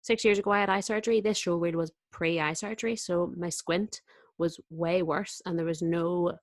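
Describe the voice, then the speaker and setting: Low-voiced woman telling a lively story. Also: normal speed, dry recording. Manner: lively storyteller, acts out her own inner voice. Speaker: actor, podcast guest. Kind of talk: casual chat.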